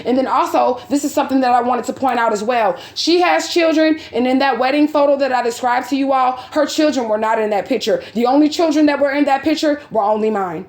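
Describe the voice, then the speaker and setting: A woman's voice: high voice, brisk, few pauses, a little mellow, echoey room. A woman in her forties telling a story to her viewers and reading out messages, blunt and heated, swearing and asking repeated rhetorical questions. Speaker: vlogger.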